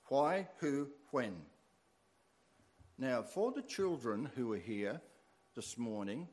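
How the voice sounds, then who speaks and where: A middle-aged man preaching a sermon as pastor, with rising emphasis on key words. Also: mid-range voice.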